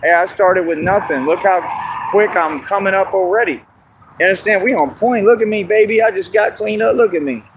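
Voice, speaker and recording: A man chatting casually and boastfully on an outdoor livestream, laughing often and going hoarse. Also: sits high, brisk, background noise. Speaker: street performer in costume. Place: outdoors in a park.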